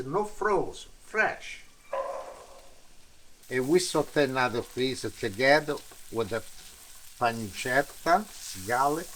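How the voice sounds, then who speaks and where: Older Italian man, slow lively cooking talk. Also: mid-range voice, echoey room, slight background noise. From Italy. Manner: broken English, enthusiastic, repeats "really, really". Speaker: home cooking host. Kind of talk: casual cooking demonstration. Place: home kitchen.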